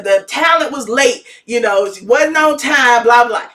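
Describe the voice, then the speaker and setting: A woman giving sassy, dramatic gossip commentary in a vlog, her voice swooping into high shouts. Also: lively intonation, unhurried, few pauses, distant mic. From Atlanta, USA. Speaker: gossip vlogger.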